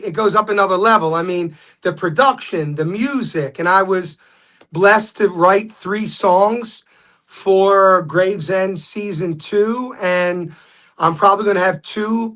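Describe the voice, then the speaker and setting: A man, a guest telling stories in a casual interview, animated when quoting others. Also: high voice, unhurried.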